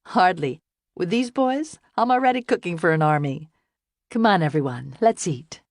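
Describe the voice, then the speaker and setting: A woman voicing a warm, kindly American mother of many boys, friendly and welcoming, in an audiobook. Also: lowish voice, lively intonation, moderate pace, no echo, studio quality.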